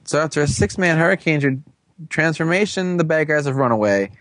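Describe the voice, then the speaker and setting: A man casually recapping a TV episode, rambling and joking with quick asides. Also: on the high side, animated, fairly bright tone. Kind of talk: casual chat.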